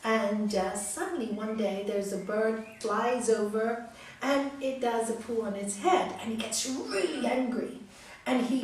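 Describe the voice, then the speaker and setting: Yoga teacher lady telling a story, kinda high voice, big echoey hall, mic far off. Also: unhurried, darkish tone, slight background noise. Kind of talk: storytelling in a class. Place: large hall.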